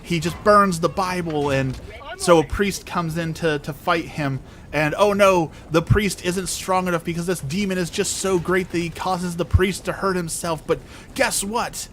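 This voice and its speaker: Man, fairly high voice, sarcastic, mocking, exasperated, casual streamer rant. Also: unhurried, a bit bright, a little hiss or hum. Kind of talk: casual rant to a live audience.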